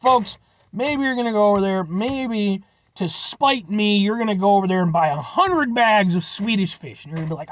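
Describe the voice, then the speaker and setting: A man's voice: sits high, normal speed, lo-fi sound. A man reviewing snacks on his vlog, rambling and joking, swearing casually as he signs off. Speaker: food review vlogger.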